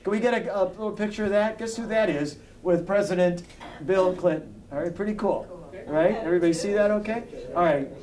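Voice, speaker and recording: A man's voice: high voice, a little fast, a crowd in the background. A man in his sixties hosting a talk show, chatty and upbeat as he steers the conversation. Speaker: radio talk show host. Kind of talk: casual talk show chat.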